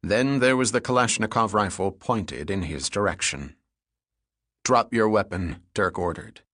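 In a steady, measured reading, a man narrates a thriller audiobook. His voice is fairly low, and the recording is dry with studio quality.

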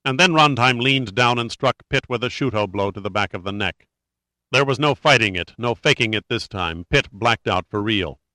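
Male narrator for a gritty thriller read, steady and measured, sharp clear tone. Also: lowish voice, dry recording. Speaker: audiobook narrator. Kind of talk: dramatic audiobook narration.

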